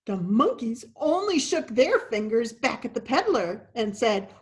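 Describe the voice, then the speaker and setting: A woman's voice: fairly high pitch, measured pace. A woman, an actress and teaching artist, leading a theatrical children's storytime and talking straight to young listeners, sometimes dropping to a whisper. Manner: animated, talks to young listeners, drops to whispers.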